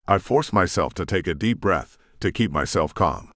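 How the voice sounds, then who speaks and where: A man reads a first-person audiobook in a very low voice with lively intonation. His delivery is tense and dramatic. The recording is dry and close, made in a booth. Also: normal speed, dry recording. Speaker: audiobook narrator.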